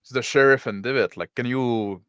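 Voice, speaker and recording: A man's voice: mid-range voice, normal speed, a bit bright, smooth, no room sound, clean studio sound. A man playing a tabletop role-playing game, describing his pilot's moves in casual talk with fillers. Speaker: player.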